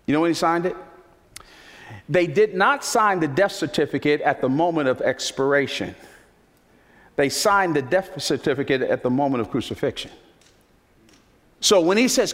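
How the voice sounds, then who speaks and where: A man preaching with a fairly high, lively voice that swoops up on his questions and repeated lines. His emphatic sermon delivery rings out with the long reverb of a large church hall. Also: moderate pace. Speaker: pastor.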